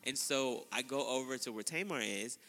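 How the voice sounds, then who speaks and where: Guy on a podcast telling a story, bright voice, lots of laughing, kinda echoey. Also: normal speed. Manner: animated, laughs often, acts out quotes in a high voice. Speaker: podcast co-host. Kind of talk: casual storytelling chat.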